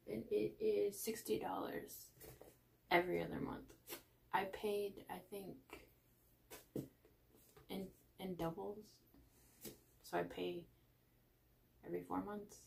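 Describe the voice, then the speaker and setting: A chatty woman with a Texan accent gushes her way through an unboxing, her voice carrying a gravelly fry. She slips between bright exclamations and hushed near-whispers, and a steady hiss of noise sits under the recording. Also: mid-range voice. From Texas. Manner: gushing, chatty, drifting into soft near-whispers. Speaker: unboxing vlogger. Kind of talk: casual unboxing chat. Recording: noisy home recording.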